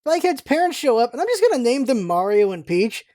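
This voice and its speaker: A woman's voice: on the high side, fast, no echo, clean studio sound. Chatty young woman podcast host. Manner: chatty, rambling and excitable. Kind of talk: casual rewatch podcast commentary.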